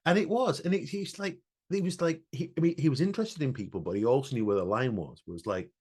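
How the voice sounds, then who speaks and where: A man's voice: mid-range voice, quick pace, darkish tone, husky. A man co-hosting a podcast, telling a personal story in an earnest, reflective way with many restarts. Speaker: podcast co-host. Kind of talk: emotional casual chat.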